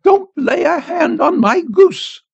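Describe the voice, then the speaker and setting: A man voicing a frenzied old peasant woman with shrill, chanting cries in a storybook reading. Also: animated, takes it slowly, creaky, full character voice. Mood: defiant. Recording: dry, slightly dull home studio.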